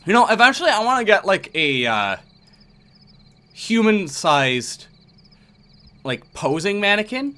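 A man's voice: sits high, pushed and bright. A man playing a horror game, giving casual commentary with sarcastic, muttered asides. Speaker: let's play gamer.

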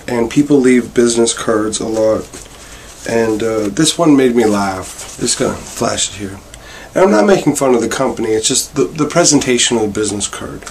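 A man vlogging a rambling comic monologue with wry, meandering deadpan asides. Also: mid-range voice, a little hiss or hum. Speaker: vlogger and bar worker.

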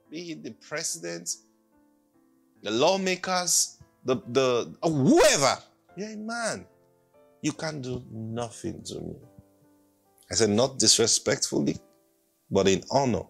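Animated preacher man. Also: medium pitch, slow pace, creaky, pauses often. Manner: animated, emphatic preaching with call-and-response. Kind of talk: sermon. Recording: faint music behind.

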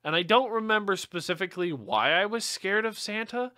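A man's voice: sits high, expressive, brisk, pushed and bright, no echo, clean studio sound. A man co-hosting a casual podcast, joking around with crude banter and lots of swearing. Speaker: podcast co-host. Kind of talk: casual chat.

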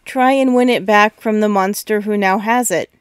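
A woman's voice: mid-range voice, moderate pace, smooth, no echo, clean studio sound, close to an everyday voice. A woman voicing an earnest old fairy. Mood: urgent. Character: strange old fairy woman, urgent and solemn.

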